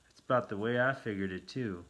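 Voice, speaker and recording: A man voicing a whiny, grumbling male mill man from the frontier West who talks in rough slang. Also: fairly low pitch, brisk, fairly bright tone, voice pushed up, natural voice.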